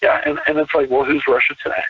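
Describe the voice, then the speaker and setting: A man, a podcast guest, talking in an animated casual way with many restarts and repeated words. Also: medium pitch, quick pace, distant mic, slight background noise. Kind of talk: casual conversation. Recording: tinny phone-line call.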